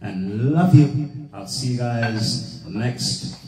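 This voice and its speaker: A man co-hosting a casual livestream, joking and giving relaxed shout-outs. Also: mid-range voice, drawn-out words, slight background noise. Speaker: co-host. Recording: distant, echoey room with long reverb.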